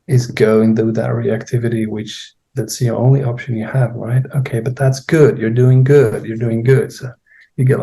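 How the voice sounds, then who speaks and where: A middle-aged man with a gravelly, dark and mellow voice tells how a therapy session went. He searches for words as he goes and plays out the lines spoken in the session. He is a guest trainer in a conversation. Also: mid-range voice. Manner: unhurried, searching for words, acting out his own and a client's lines. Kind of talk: recounting a therapy case in conversation.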